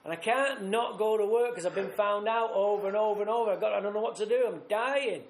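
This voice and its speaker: A man speaking at a recovery retreat, telling his own story bluntly and vividly, acting out scenes with rough language. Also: high voice, fairly even intonation, fast talker. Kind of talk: personal recovery story told live. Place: retreat meeting room. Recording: roomy live talk recording.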